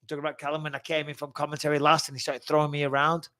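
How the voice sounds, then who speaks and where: A forties-aged man recovering from a cold-like illness hosts a live fan chat, reading out fans' questions and answering in a chatty, blunt way full of swearing. He speaks very fast in a monotone, his voice a little high, pushed and bright.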